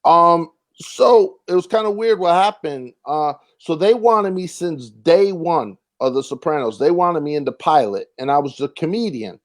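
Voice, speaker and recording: A young man, a comedian and actor, telling a rambling, animated story with frequent restarts and casual swearing. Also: on the high side, normal speed, hardly any pauses. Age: young adult.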